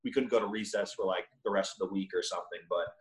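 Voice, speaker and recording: A man's voice: low voice, steady tone, fast, far from the mic. A young man co-hosting a podcast, cracking jokes and chiming in during casual chat. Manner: wisecracking, jokey interjections. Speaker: podcast co-host. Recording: echoey room, a bit off mic.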